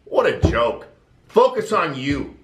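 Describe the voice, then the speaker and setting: A man's voice: on the high side, very animated, slow, roomy sound. A man ranting bluntly and profanely to camera in a vlog, exasperated and pushy. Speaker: vlogger. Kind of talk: opinion rant to camera.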